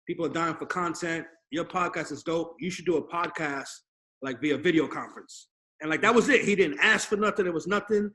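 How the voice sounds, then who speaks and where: A man hosting a remote podcast interview, telling lively stories and acting out other people's lines. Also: fairly high pitch. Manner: animated storyteller, acts out quoted voices. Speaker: podcast host. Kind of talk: casual remote interview chat. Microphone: video call.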